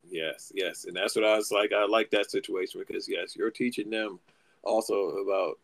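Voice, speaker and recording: A man's voice: lowish voice, steady tone, normal speed, vocal fry. A man co-hosting a casual podcast, agreeing and adding thoughtful points.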